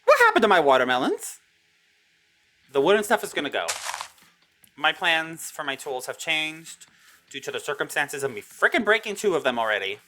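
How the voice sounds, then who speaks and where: Excitable young woman gaming host. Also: sits low, moderate pace. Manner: excitable, dramatic exclaiming reactions. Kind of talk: survival game commentary.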